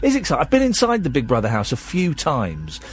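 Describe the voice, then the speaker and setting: A man's voice: mid-range voice, huge pitch swings, moderate pace. A tired man, hosting a late-night radio show in a rambling, chatty, self-deprecating way.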